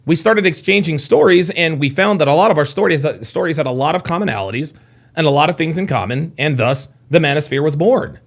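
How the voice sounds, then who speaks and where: Man, lively swooping voice, slightly high, heated, swearing, reaction commentary. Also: a little fast, vocal fry. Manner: heated, exasperated, swears often, repeats himself. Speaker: live show host reacting to a clip.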